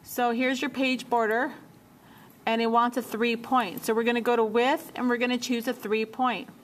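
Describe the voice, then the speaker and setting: Woman teaching a software lesson. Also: on the high side, little pitch movement, moderate pace, slight background noise. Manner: talks herself through steps, repeats menu names. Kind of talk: software tutorial walkthrough.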